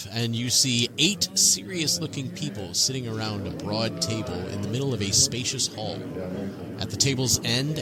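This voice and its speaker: A man narrating a tabletop game as game master, animated and descriptive. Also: mid-range voice.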